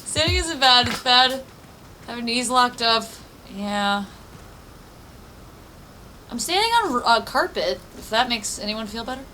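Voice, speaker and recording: Bright, high-voiced giggly woman streamer. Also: animated, measured pace, long pauses, a little hiss or hum, low-quality recording. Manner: giggly, swears freely, thinks aloud. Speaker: game streamer. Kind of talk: casual live-stream chat while playing. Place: apartment room.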